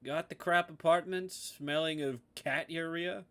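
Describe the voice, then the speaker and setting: A man's voice: a little high, steady tone, a little slow, a bit bright, clean tone. A man voicing a menacing male crime boss who mocks and sneers. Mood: mocking. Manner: sneering and sarcastic.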